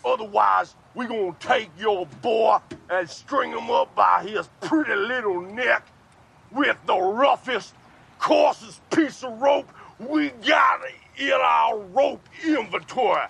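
An actor playing a brash male kidnapper who makes loud, clumsy threats in a drawl. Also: very high-pitched, takes it slowly, vocal fry, full character voice. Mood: blustering threat.

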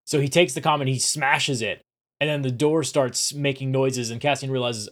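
A man in a relaxed podcast chat, recapping an episode in an easygoing way. He talks at an ordinary pitch and trips over his words now and then. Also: normal speed. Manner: relaxed, casual, with some stammering restarts. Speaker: podcast co-host.

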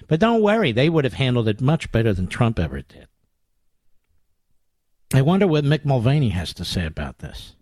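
An older man holds forth on talk radio, combative and biting, leaning hard on his words. His voice sits at an ordinary pitch and comes through a close studio mic with a dry, dead sound. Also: sing-song, moderate pace, a little mellow, no echo. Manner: combative, sarcastic, emphatic. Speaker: radio talk show host. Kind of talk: political talk radio monologue with ad reads. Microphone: studio microphone.

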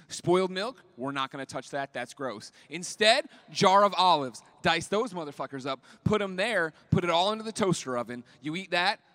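A man playing in an improv comedy show, telling a made-up tale step by step in a deadpan way. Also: on the high side. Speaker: improv player. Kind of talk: improvised comic storytelling.

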